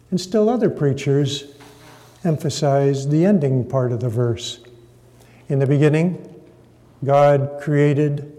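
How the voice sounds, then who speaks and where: A man's voice: a little high, animated, measured pace, long pauses, mellow. A man preaching a sermon, dramatically stressing words and polling the audience for a show of hands. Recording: echoey hall reverb.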